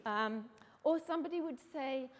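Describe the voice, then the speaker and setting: A middle-aged woman with an English accent shares a personal story on stage. She speaks in a reflective, wry, measured way. Her voice carries a long hall reverb. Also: high voice, a little hiss or hum. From England. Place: stage event.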